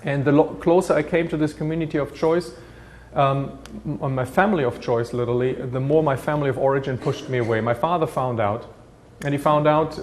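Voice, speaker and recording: A man with a German accent recounts his own past in an earnest, reflective testimony. His voice sits at an ordinary middle pitch. He often breaks off and restarts phrases as he searches for words. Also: darkish tone, a little hiss or hum. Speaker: guest recounting his life. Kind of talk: personal testimony.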